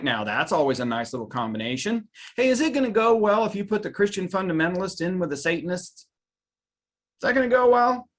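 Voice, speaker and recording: A man presenting a live webinar, animated, reading out viewers' reactions by name and jumping up in pitch for emphasis. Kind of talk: lively live webinar talk.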